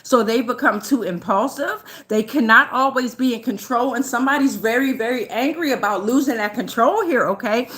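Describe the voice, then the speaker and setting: A woman's voice: fairly high pitch, bright, forceful tone. A woman giving a casual, loose and chatty tarot reading, swearing freely and often checking in with her listeners. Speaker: tarot reader.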